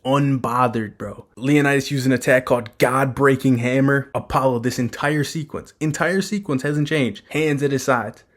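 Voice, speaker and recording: A man at an ordinary mid-range pitch, recapping a manga chapter in a loose commentary style. He sounds hyped and swears freely. He drops slang and "bro" all through his talk. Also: fairly even intonation, normal speed, few pauses. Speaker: manga breakdown host.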